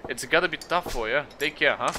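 Blunt, loud yakuza, read out by a man. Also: a little high, a little fast, background noise, close to an everyday voice. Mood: brash. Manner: loud and punchy. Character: brash male yakuza, blunt.

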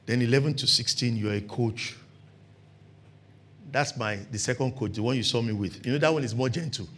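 A man's voice: medium pitch, brisk. A man with a Nigerian accent preaching a sermon, acting out scenes and laughing along the way. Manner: animated, acts out scenes with laughter. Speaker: pastor. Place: church.

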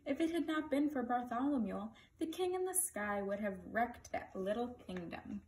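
A woman greeting schoolchildren and reading a picture book aloud in a friendly, expressive way. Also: fairly high pitch, normal speed, distant mic, a little hiss or hum. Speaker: storybook reader for schoolchildren. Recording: echoey room.

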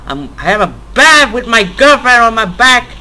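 A man's voice: very high-pitched, very animated, moderate pace, bright, forceful tone, rough recording. A young man playing a horror video game, reacting with panic, talking to the game and screaming at jump scares, in non-native English phrasing. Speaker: gamer. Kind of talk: horror game let's play commentary.

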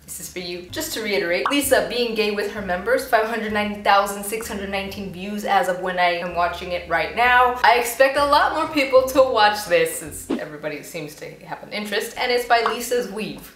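Speaking at normal speed with a medium-pitched, slightly bright voice, this YouTube reaction host keeps things chatty and full of giggles. She jokingly voices the people on screen, and her echoey room carries some faint noise.

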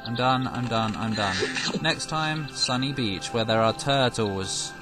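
A man's voice: mid-range voice, unhurried. A man commenting on his video game play in a playful, self-mocking way, muttering to himself. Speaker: let's play host. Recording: loud game music underneath.

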